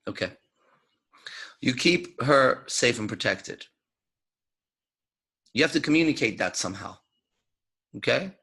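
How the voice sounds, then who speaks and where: A man's voice: mid-range voice, creaky, pushed and bright, husky. A man giving an unscripted lecture as a dating coach, talking in a swaggering, profane, emphatic way.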